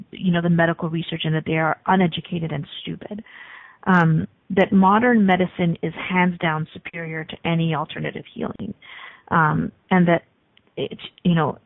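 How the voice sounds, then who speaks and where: A woman hosting a radio talk show, talking fast with many ums. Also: on the low side, steady tone, gravelly, no room sound, narrow, tinny audio. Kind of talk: casual talk radio monologue.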